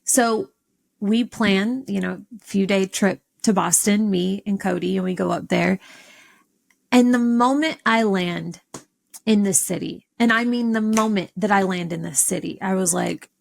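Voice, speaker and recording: A woman hosting a podcast, telling a personal story in an animated, expressive way with sudden jumps in pitch. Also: measured pace, vocal fry. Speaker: podcast host.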